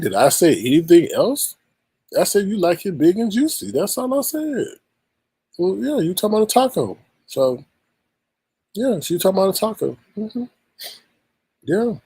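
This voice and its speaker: A man's voice: high-pitched, very animated, normal speed, long pauses, mellow, husky, no echo, poor audio. A man hosting a live-stream gossip commentary show, teasing and exclaiming as he greets the chat and runs through the night's topics. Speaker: host.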